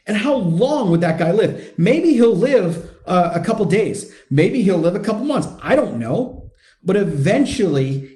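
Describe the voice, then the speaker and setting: Male podcast host, confrontational and profane motivational talk, high-pitched, roomy echo. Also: dark tone. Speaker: men's coach and podcast host.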